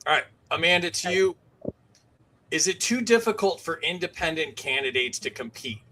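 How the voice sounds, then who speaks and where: A man hosting a casual online panel quiz, his voice bright and a little higher than most. He calls on each guest in turn and keeps the questions moving. A faint hum of noise sits behind him. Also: normal speed, poor audio. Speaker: game show host.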